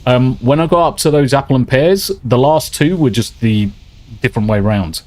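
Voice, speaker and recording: A man's voice: medium pitch, moderate pace, a little mellow. A man chatting casually and swearing a lot while he streams a game and reads out viewer messages. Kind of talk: casual gameplay chat.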